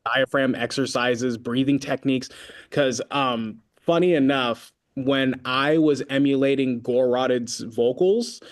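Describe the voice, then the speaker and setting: An unhurried, medium-pitched male voice belongs to a band vocalist from Concord, California. He's a guest in a laid-back interview, telling animated stories in a rambling way and using many filler words.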